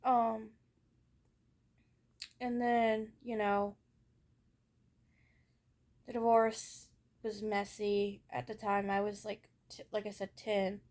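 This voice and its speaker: A young woman with hiccups talks candidly about growing up in a personal vlog, rambling a little and using many fillers. Her delivery is flat and slow in a mid-range, darkish voice, broken by long pauses.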